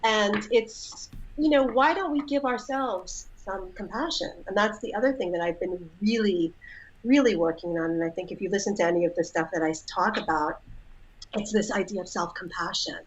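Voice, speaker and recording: A woman's voice: medium pitch, moderate pace, highs cut off, slight background noise. A woman guest on a podcast, speaking in an earnest, reflective and encouraging way. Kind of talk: casual podcast conversation.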